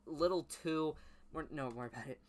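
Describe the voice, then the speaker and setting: A young man reading his old teenage story aloud in a low mumble, then breaking off into loud, mocking commentary. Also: normal speed. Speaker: YouTuber reading his childhood writing.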